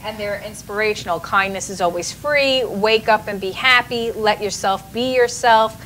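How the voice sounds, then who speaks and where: A woman's voice: mid-range voice, normal speed, a bit bright, a little hiss or hum, rough recording. A woman hosting a talk show interview, effusive and encouraging with her guest. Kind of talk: casual interview.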